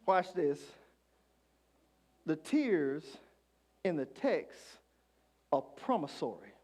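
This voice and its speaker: A man preaching a sermon as pastor, calling on the congregation to answer back and swinging from hushed lines to shouts. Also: a little high, sing-song, extremely slow, husky.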